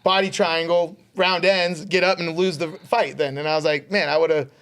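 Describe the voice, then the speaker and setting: A man co-hosting a podcast, an excitable storyteller who laughs often and swears casually. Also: sits high, moderate pace, smooth. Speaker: podcast co-host.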